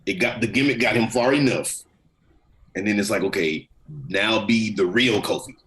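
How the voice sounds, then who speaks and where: A young man co-hosting a casual wrestling podcast, profane and animated, laughing often. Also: fairly low pitch, normal speed, rough recording. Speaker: podcast co-host. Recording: faint background noise.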